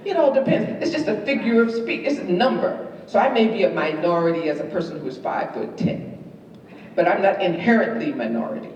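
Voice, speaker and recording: A middle-aged woman, giving a university lecture to students in a lively, wry way and teasing them with questions. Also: on the low side, brisk, muffled recording. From New York. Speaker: guest speaker. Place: large lecture hall. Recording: echoey hall from far off, faint room noise.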